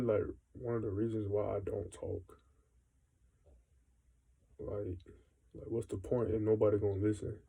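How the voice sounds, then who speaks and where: A man's voice: fairly low pitch, vocal fry, dark tone, slightly rough, poor audio. A young man venting in a casual, rambling monologue, frustrated and full of slang and swearing.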